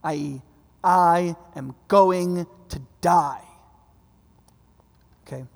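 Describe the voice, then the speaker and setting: A man's voice: on the high side, drawn-out words, vocal fry, big-room sound. A male pastor preaching a sermon in a conversational way, often checking in with the congregation. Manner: conversational preaching, frequent "right?" asides.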